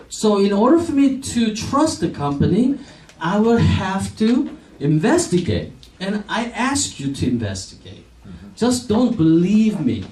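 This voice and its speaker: Man telling stories slowly in an echoey hall. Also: high-pitched, a little mellow. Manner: slow, chatty, laughs often, acts out dialogue. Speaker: optometrist speaking at a company event. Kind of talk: storytelling speech to an audience. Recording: echoey hall from far off, faint noise.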